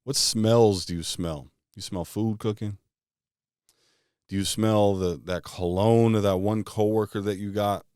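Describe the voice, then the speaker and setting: A man's voice: fairly low pitch, steady tone, a little mellow, smooth, dry recording, studio quality. A man guiding a visualization exercise, firing off casual questions one after another. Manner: string of rapid questions, casual phrasing. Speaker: motivational speaker. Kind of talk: guided visualization talk.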